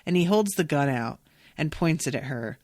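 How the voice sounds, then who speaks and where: A woman's voice: low-pitched, lively intonation, normal speed, a little mellow, no room sound, clean studio sound. A woman hosting a podcast, chatting casually and candidly through a recap, swearing freely and reacting with feeling. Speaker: podcast host.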